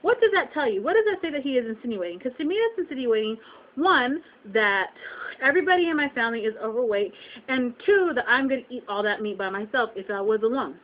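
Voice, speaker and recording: A woman's voice: a little high, animated, quick pace. A young woman venting to her viewers, upset and close to tears, repeating herself and firing off rhetorical questions. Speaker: vlogger. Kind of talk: emotional venting to camera. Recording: dull lo-fi webcam audio.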